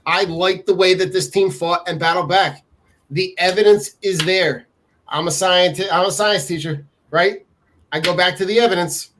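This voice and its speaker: Chatty upbeat guy on a podcast, pretty high voice. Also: steady tone, normal speed, a bit bright, slight background noise. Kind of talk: casual podcast chat.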